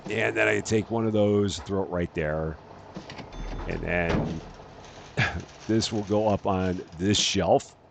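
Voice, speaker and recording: A man's voice: deep voice, takes it slowly, vocal fry, pauses often, noisy background. A man hosting a let's-play, chatting casually and narrating each task aloud, often correcting himself. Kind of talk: casual gameplay commentary.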